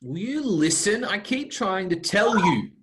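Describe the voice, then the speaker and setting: A woman's voice: mid-range voice, big pitch swings, a little slow. A woman reading the part of a young husband, placating and defensive. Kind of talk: cold-read play reading. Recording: roomy echo.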